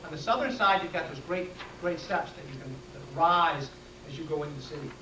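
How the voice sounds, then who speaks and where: A man's voice: fairly high pitch, brisk. A man lectures to a class and answers its questions plainly and directly. He is taped from a distance in an echoey room, with a faint hiss behind him.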